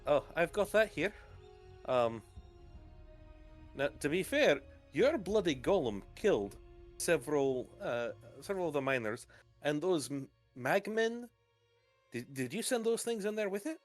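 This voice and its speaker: A man plays a blustering artificer in a tabletop game. He lectures and stammers while his pitch swings up and down a great deal. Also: very animated, unhurried, faint music behind. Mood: blunt.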